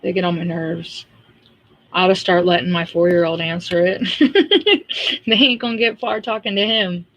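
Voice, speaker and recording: A woman's voice: on the low side, steady tone, a little fast, fairly bright tone, lo-fi sound. A woman hosting a casual livestream, talking bluntly and ranting in an exasperated way, with frequent laughs. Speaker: livestream host.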